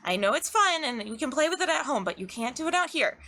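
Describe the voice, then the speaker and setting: A woman playing a worried mother who speaks quietly and earnestly. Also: medium pitch, unhurried, a little hiss or hum. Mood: hushed. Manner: hushed, earnest. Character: anxious mother guarding a secret identity.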